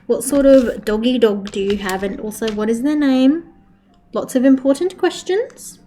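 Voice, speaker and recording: A woman's voice: fairly high pitch, moderate pace, mellow, faint music behind. A young woman chatting casually on a live stream while she crochets, swearing freely and laughing often.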